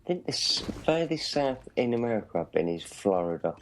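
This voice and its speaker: A man's voice: mid-range voice, very animated, brisk. A man co-hosting a film commentary, cracking dry, crude jokes. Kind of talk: casual jokey commentary.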